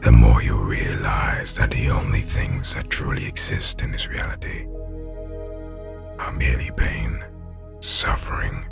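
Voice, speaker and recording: A man voicing a menacing male anime villain, calm and bleak, speaking slowly in a low half-whisper. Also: vocal fry, full character voice. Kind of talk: voice impression.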